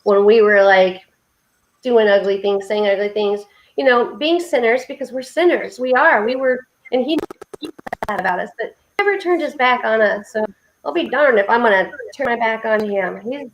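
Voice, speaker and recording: Earnest high-voiced woman telling stories. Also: normal speed, slight background noise, low-quality recording. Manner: earnest, heartfelt storytelling with a preacher's lift. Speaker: co-host of a faith support livestream. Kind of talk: casual faith-based chat.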